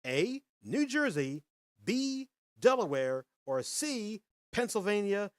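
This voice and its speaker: Lively, animated male podcast host. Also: high voice, slow pace. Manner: animated, folksy, addresses viewers directly. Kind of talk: casual live-stream chat and quiz.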